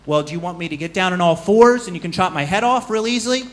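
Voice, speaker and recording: A clever young novice monk pleads and reasons in a raised, eager voice, as a man puts him on. His manner is earnest and quick-witted, like a storyteller's hero. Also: sits high, fairly bright tone, voice pushed up.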